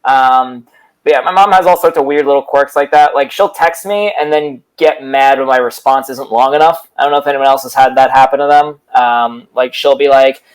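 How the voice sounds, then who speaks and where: A man's voice: medium pitch, fairly even intonation, moderate pace, rough recording. A man doing a rambling stand-up bit on a comedy show, full of fillers and asides. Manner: rambling, filler-heavy storytelling.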